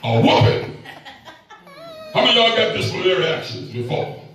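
A middle-aged man preaching a sermon as pastor, animated and joking with the congregation. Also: high voice, racing, very echoey, recorded from a distance, poor audio.

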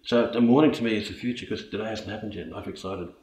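Australian male podcast guest, low-voiced, excitable rambler, roomy sound. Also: fast, lo-fi sound. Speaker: guest, co-founder of a coaching business. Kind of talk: casual podcast interview. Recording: echoey room.

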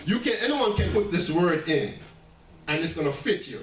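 A man preaching a sermon as pastor, animated, with laughing asides and stammering restarts. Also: on the high side, normal speed, faint music behind. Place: church sanctuary. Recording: echoey church room heard from a distance.

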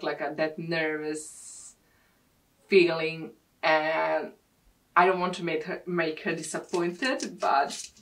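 A woman vlogger from Sweden chatting casually and excitedly as she unboxes beauty products. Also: low voice. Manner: excitable, gushing over products. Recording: distant mic with clear background noise.

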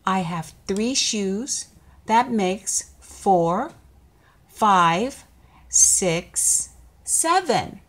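A woman's voice: medium pitch, expressive, very slow. A woman voicing a forgetful little male spider who frets about his lost shoes, reading a storybook aloud. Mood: fretful. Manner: worried, fussing.

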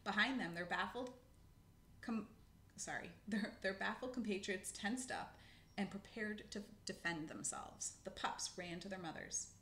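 A woman's voice: mid-range voice, a little slow, pushed and bright, echoey room, slight background noise. A woman reading a children's book aloud, casual, with spoken asides and self-corrections. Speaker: narrator.

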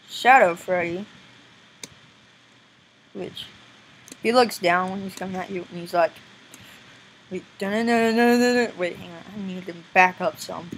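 A young woman giving casual gameplay commentary, excitable and squealing now and then, often breaking into silly voices. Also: fairly low pitch, a little hiss or hum, low-quality recording. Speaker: gameplay video maker.

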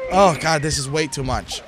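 A man with a hoarse, sick voice, giving jumpy, swearing commentary on a horror game. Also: a little high, heavy background noise. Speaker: gaming channel host.

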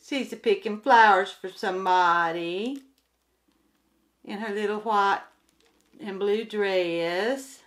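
Woman vlogger rambling about her crafts, bright forward voice, talks at home. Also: medium pitch, slow, long pauses. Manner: rambling, chatty, many restarts and fillers. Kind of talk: casual chat while showing crafts.

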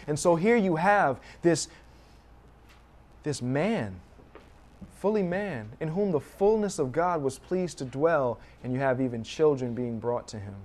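A man's voice: fairly high pitch, animated, a little slow, darkish tone. A young American man preaching a sermon as a guest pastor, telling stories with animation and acting out the cries of children.

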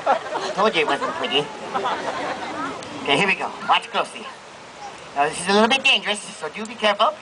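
A man's voice: high-pitched, expressive, a little fast, long pauses. A man working a street show crowd, with sarcastic, self-mocking comedy banter. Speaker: street performer. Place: outdoor street festival crowd. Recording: noisy outdoor crowd recording. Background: crowd and children.

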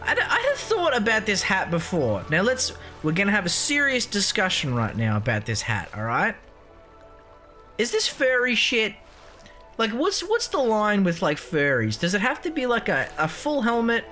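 A man's voice: high voice, wildly swooping pitch, normal speed, bright, forceful tone, soft background music. A man giving casual, rambling let's-play commentary, swearing freely and joking as he goes. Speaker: gaming channel host.

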